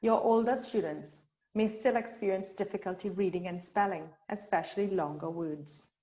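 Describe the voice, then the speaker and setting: A woman from Trinidad and Tobago leading a teacher-training webinar, speaking deliberately and sounding out syllables slowly. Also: mid-range voice, dark tone. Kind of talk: instructional webinar talk.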